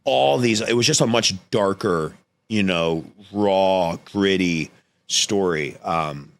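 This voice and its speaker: A man's voice: deep voice, slow pace, vocal fry. A man, a filmmaker guest on a podcast, telling a personal story in a casual, rambling, profane way.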